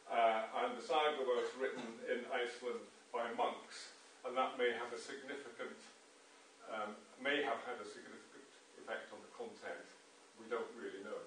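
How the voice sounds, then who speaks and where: A man gives a poetry reading and talk, heard from a distance in a very echoey room with a faint hiss behind him. He reads the verse slowly and with heavy emphasis. Between poems he explains in a loose, halting way, with plenty of ums and restarts. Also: medium pitch, fairly bright tone. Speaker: poet and translator giving a reading. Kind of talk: public reading and lecture on poetry.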